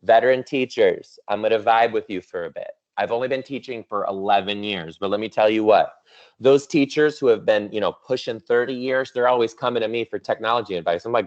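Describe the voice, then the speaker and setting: A man's voice: lowish voice, brisk, lo-fi sound. A man in his thirties giving a playful, chatty keynote to teachers over a video call, full of teasing asides. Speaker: keynote speaker. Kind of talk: virtual conference keynote.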